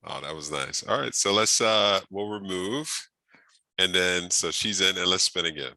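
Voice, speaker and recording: A man's voice: sits low, moderate pace, vocal fry, bright, forceful tone, dry recording. A man hosting an online workshop over a video call, upbeat and chatty, with lots of fillers and restarts. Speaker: host of a workshop speaker series. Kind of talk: casual online event hosting.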